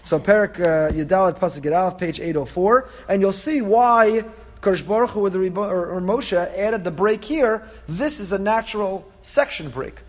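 High-voiced man teaching a Torah class. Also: moderate pace. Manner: animated, explanatory, full of Hebrew terms.

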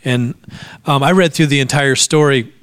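A man's voice: medium pitch, normal speed, fairly bright tone, clear, resonant tone, no echo, studio quality. A middle-aged man preaching a sermon, telling a personal testimony and growing emotional, sometimes dropping to a near-whisper. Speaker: pastor.

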